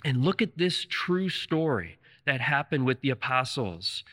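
A man's voice: mid-range voice, very animated, a little slow, a bit bright, big-room sound. A man preaching a sermon, retelling scripture stories with fervent enthusiasm.

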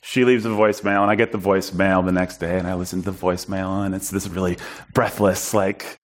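A man preaching in a storytelling style, animated and self-deprecating, acting out bits of dialogue. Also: sits low, brisk. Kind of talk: storytelling sermon.

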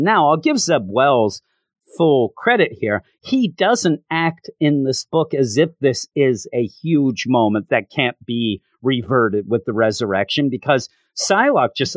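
A man talks through a comic book issue in a loose, rambling recap. His pitch moves a lot as he goes, and the sound is dry and close. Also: measured pace, no room sound. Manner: rambling, animated. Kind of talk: casual recap.

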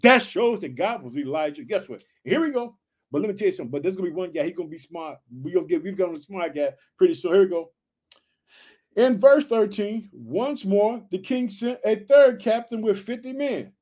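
Pumped up preacher guy, kinda high-pitched, reads scripture then riffs hard, keeps asking did you hear that. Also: animated, brisk, few pauses, darkish tone. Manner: fired-up, repeats catchphrases and questions to listeners; reads verses aloud then riffs on them. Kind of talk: energetic Bible teaching.

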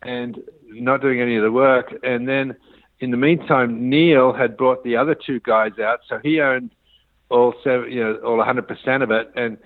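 A man's voice: mid-range voice, fairly even intonation, moderate pace, no room sound. A man, a business founder guest, tells his story in a casual, rambling interview and acts out the quoted dialogue. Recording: tinny dry phone line.

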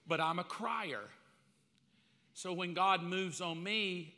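Man, pastor, high voice, bright tone, comic sermon, echoing church hall. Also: measured pace, vocal fry, long pauses, slight background noise. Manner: comic, animated, acts out quotes in loud bursts. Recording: long hall reverb.

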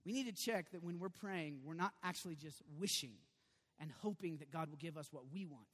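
Male pastor, high voice, animated chatty preaching with loud bursts, echoing hall. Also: fairly quick. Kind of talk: sermon. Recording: long reverb of a large hall.

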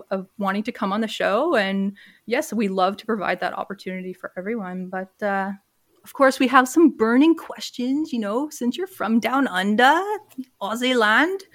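Bubbly woman podcast host. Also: mid-range voice. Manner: bubbly, giggly, stumbles over words. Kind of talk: casual podcast chat.

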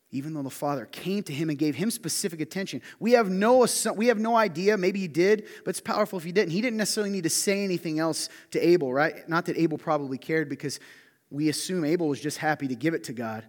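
A male pastor preaching a sermon in an animated way, often putting questions to his listeners. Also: fairly high pitch, fast talker, in a large hall. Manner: animated, asks the audience questions.

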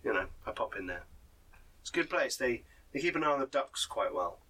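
A man's voice: medium pitch, very animated, a little fast, bright, forceful tone, recorded from a distance, a little hiss or hum, poor audio. A man voicing a chatty male townsman informant who rambles and hesitates as he gives advice. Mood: confiding. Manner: rambling, confiding, full of hesitations.

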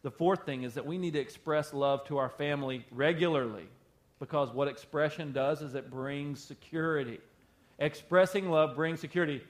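A man's voice: a little high, moderate pace. A man who is a pastor, preaching an emphatic sermon to his congregation with heavy repetition and call-and-response.

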